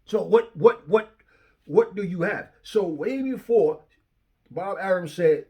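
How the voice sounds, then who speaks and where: A man's voice: high-pitched, slow, darkish tone. A middle-aged man hosting a boxing talk channel, ranting at home, profane and combative, mocking commenters and stumbling over repeated words as he gets worked up. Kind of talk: heated rant to camera. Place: his home.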